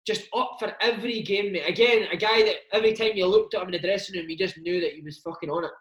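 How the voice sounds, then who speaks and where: A man's voice: high-pitched, quick pace, fairly bright tone. A Scottish former footballer in his thirties, telling stories in casual chat, swearing freely and calling the listener mate. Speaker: former footballer, interview guest. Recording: roomy echo.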